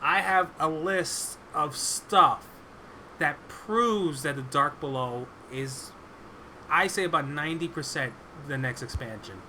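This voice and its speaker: Excited man with a bright, forceful voice. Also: fairly high pitch, slow, slight background noise. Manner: eager, reads facts off notes. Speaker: podcast host. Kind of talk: casual gaming chat.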